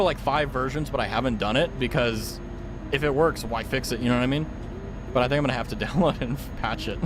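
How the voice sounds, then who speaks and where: A man's voice: mid-range voice, background noise. A man streaming a trucking game, chatting to his viewers, laughing and yelping when things go wrong. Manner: excitable, laughing, yelps at glitches, talks to chat. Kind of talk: casual game stream chat.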